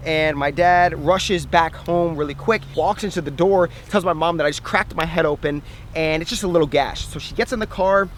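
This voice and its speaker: A young man telling a personal story to camera in a casual, animated way, laughing at himself now and then. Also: a little high, moderate pace. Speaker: fitness vlogger. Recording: faint outdoor noise.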